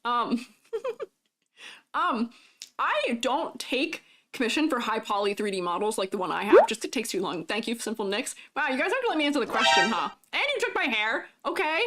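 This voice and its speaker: A woman with a fairly high, slightly bright voice livestreams as a 3D artist. She chats casually and giggles often, reading her viewers' messages aloud while eating.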